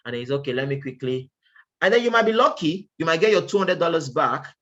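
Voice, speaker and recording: A man's voice: a little high, big pitch swings, fast talker, sharp tone, highs cut off. A man presenting a trading webinar in a casual, conversational way, often checking in with "okay" and pressing his points with rhetorical questions.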